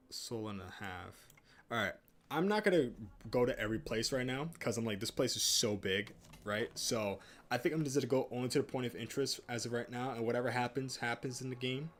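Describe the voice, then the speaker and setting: A man's voice: lowish voice, fairly bright tone, a little hiss or hum. A man casually commenting on a game he is playing for the first time, rambling with many fillers and restarts. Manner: rambling, full of ums, likes and restarts. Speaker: let's play host.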